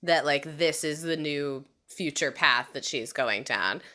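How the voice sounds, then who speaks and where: Young female podcast co-host: slightly low, bright voice, opinionated and earnest, casual recap talk. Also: a little slow. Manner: opinionated, earnest reactions with many likes.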